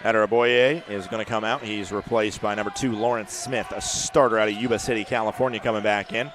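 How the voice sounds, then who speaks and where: A man doing play-by-play commentary for a basketball game, rising to shouts on big plays, with faint court noise behind him. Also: on the low side, steady tone, brisk. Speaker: play-by-play announcer. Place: arena broadcast booth.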